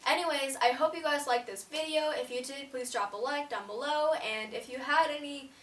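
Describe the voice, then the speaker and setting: A woman's voice: high voice, moderate pace, fairly bright tone, recorded from a distance. A teenage girl telling a story in a casual vlog, chatty and rambling with lots of "like". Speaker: vlogger. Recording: roomy, away from the mic.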